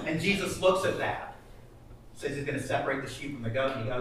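A man's voice: mid-range voice, animated, a little fast. Preacher guy telling funny stories in a sermon, big echoey hall, faint hum behind. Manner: storytelling, chuckling at his own jokes. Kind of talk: sermon with told jokes. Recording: echoey room, mic far off.

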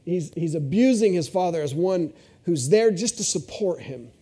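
Rich: A man preaching a sermon, retelling a story with expressive, shifting delivery. His voice sits a little high but sounds mellow and warm. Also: moderate pace, breathy edge.

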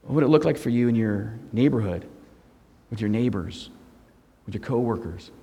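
A middle-aged man, a guest pastor, preaching a sermon with humor, moving between hushed and loud. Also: fairly low pitch, expressive, moderate pace, gravelly, slightly rough, in a large hall. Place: church sanctuary.

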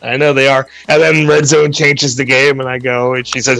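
Bright-voiced man telling a sports story. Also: medium pitch, little pitch movement, fairly quick, gravelly, no room sound, faint music behind. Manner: storytelling, self-mocking, laughs often. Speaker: podcast co-host. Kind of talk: casual sports chat. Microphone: remote call mic.

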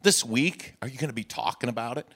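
A man's voice: medium pitch, lively intonation, quick pace, a bit bright. A middle-aged man, a pastor preaching a sermon with folksy humor and rhetorical questions to the congregation.

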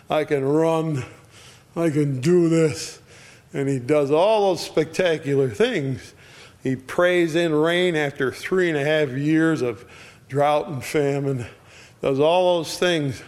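Slow, deliberate male preacher. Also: on the high side. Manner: slow, deliberate preaching with dramatic pauses and soft drops. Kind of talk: sermon.

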